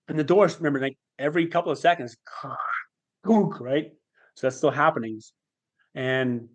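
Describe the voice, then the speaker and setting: Reflective, halting male guest. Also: on the high side. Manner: reflective and halting, with fillers and restarts. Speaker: podcast guest. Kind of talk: candid personal storytelling.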